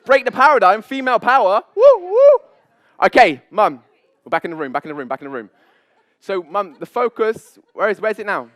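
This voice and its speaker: A man, a public speaking coach, leading a live seminar on stage with high energy, playful banter and frequent laughs. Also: sing-song, fairly quick, fairly bright tone, no echo. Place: event stage before an audience.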